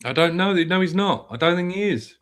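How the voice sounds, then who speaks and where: A man joining a casual football fan chat as a panelist, laid-back and measured, swearing casually. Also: sits high, animated, a bit bright. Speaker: guest panelist.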